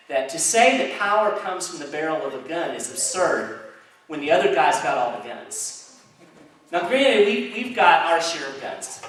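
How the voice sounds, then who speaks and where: A man giving a public talk to a crowd in a chamber of commerce hall, in an animated storytelling manner. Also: a little high. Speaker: speaker. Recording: echoey hall, distant mic, faint noise.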